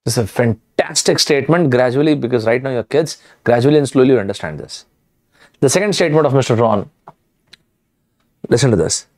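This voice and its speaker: A man's voice: mid-range voice, lively intonation, brisk, a little mellow. A man giving an earnest, motivational exam-prep lecture, repeating points for emphasis. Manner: earnest, repetitive, emphatic asides. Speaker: teacher.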